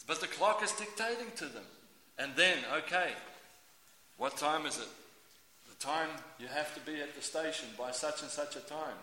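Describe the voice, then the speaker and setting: A man preaching a sermon in a lively, theatrical way, acting out everyday scenes with voices. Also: fairly high pitch, normal speed, a little hiss or hum. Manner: animated, acts out scenes with voices. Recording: echoey hall.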